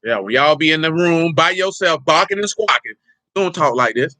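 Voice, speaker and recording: A man's voice: fairly high pitch, animated, normal speed, sharp tone, dry recording. A man preaching an informal teaching sermon, teasing and bantering with the congregation as he goes. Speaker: pastor.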